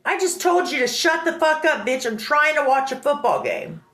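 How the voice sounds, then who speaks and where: A man's voice: very high voice, lively intonation, fairly quick, pushed and bright, roomy sound, pitched above the performer's own voice, full character voice. A woman voicing a rude, aggressive man who threatens her. He sounds harsh and hostile.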